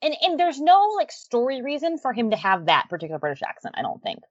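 Chatty laughing woman, lively pitch. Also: quick pace, dry recording. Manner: chatty, laughing often, lots of fillers. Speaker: podcast co-host. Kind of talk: casual chat about a TV series. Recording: dull lo-fi dry sound.

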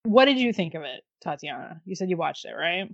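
A woman's voice: on the low side, a little fast, no echo. Easygoing woman co-hosting a chatty podcast, dry muffled lo-fi audio. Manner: relaxed, agreeable, many short backchannels. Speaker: podcast co-host. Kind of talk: casual chat about a TV series. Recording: dull lo-fi dry sound.

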